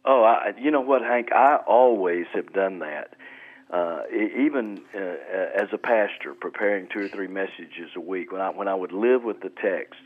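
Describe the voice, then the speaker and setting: A man's voice: sits low, normal speed. A man, a pastor, explaining scripture in an earnest radio interview, often repeating words as he restarts. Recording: tinny phone-like radio line.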